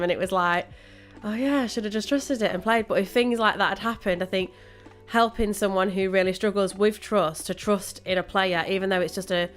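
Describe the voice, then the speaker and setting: A woman's voice: medium pitch, fairly bright tone, clean tone. A woman co-hosting a live show, talking casually and at length with restarts. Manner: chatty, rambling with restarts and laughter. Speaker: co-host. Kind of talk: casual radio chat.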